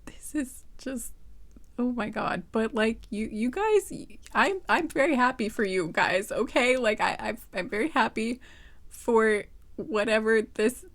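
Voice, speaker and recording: A woman's voice: fairly high pitch, animated, a little slow, fairly bright tone. A woman giving a casual tarot reading into a close microphone, flustered and giggly, rambling with many restarts. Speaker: tarot reader.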